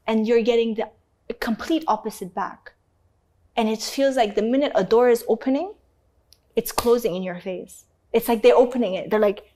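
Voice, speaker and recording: Casting note: animated, emphatic woman interviewee, slightly higher voice, storytelling mode. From North Africa. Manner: animated, emphatic, acts out other people's voices; swears casually. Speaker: interview guest.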